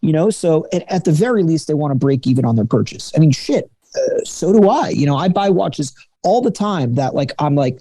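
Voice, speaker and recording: Candid, mellow-voiced man in casual chat. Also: fairly high pitch, expressive, brisk, husky, no echo. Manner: candid, swears freely, lots of fillers. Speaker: watch dealer, podcast guest. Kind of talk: casual conversational interview.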